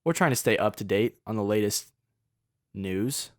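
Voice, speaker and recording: A young man with a fairly low voice, chatting casually on a podcast. He jokes, teases and breaks into laughs while talking, recorded dry and close. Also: expressive, moderate pace, no echo. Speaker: podcast co-host. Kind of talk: casual chat.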